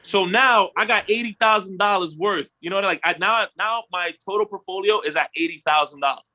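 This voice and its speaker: A man's voice: sits high, fairly quick. A young man hosting a podcast, telling a story in casual, slangy chat, acting out what he and his friends said. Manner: animated storyteller, slangy, swears, acts out his own quotes. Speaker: podcast host.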